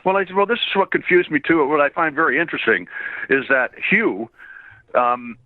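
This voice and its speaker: A slightly hoarse man, born in Ireland and raised in Canada, telling stories as an interview guest, laughing often and swearing casually. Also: fairly high pitch, expressive, moderate pace, no room sound. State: a bit hoarse. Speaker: voice actor and singer guest. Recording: dry tinny phone-like line.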